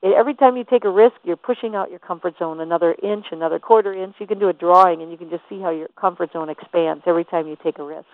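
A woman's voice: lowish voice, quick pace, hardly any pauses, no echo. A woman giving a faith-based motivational talk, emphatic and full of rhetorical questions. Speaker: motivational teacher. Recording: tinny phone-like dry sound.

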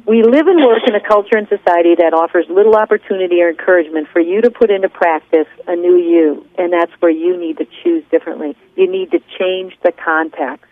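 A woman's voice: fairly low pitch, a little fast, hardly any pauses, dry recording. Earnest woman coaching over a phone line. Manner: earnest and preachy, tells stories. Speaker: class leader and coach. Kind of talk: motivational teleconference class.

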